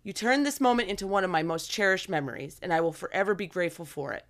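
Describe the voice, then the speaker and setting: With a fairly low pitch and a quick pace, a woman co-hosts a podcast in a relaxed, chatty way. She reads listener letters aloud enthusiastically, with plenty of laughter.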